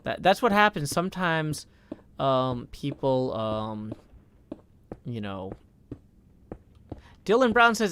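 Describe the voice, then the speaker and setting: A man in his thirties chatting casually on a live game stream, scattered and quick to mock-indignant outbursts. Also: mid-range voice, big pitch swings, fairly bright tone, slight background noise.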